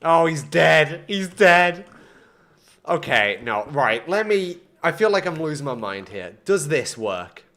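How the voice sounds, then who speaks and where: An excitable young man talks through his gameplay on a live stream. His voice sits a little high and jumps all over the place, from muttering to loud outbursts. He pokes fun at himself as he works things out. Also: slow. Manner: excitable, self-mocking, swings between frustration and laughter. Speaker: gaming streamer.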